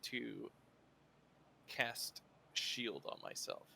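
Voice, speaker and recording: A man with a gravelly voice plays a tabletop game and lays out his moves plainly. A faint hum sits behind him. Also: medium pitch, huge pitch swings, very slow, bright, forceful tone. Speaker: player. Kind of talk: casual tabletop play.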